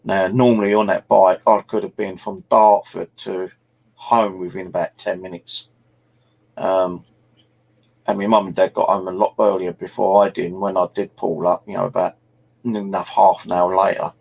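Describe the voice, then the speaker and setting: Gravelly low-voiced man. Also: little pitch movement, normal speed, a little mellow. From South East England. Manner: rambling anecdotes, peppered with swearing. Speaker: channel host. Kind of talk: casual chat.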